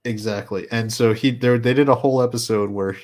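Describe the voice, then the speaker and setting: A man's voice: mid-range voice, steady tone, fairly quick, a little mellow. A man chatting on a podcast panel, laughing often and groping for names. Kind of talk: casual chat.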